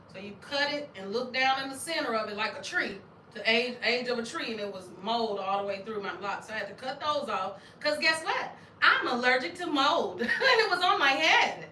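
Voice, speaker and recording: A middle-aged woman from Arkansas, hosting a casual chat, animated and laughing often with loud exclamations. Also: a little high, slight background noise. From Arkansas, USA. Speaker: channel host. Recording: roomy sound, distant from mic.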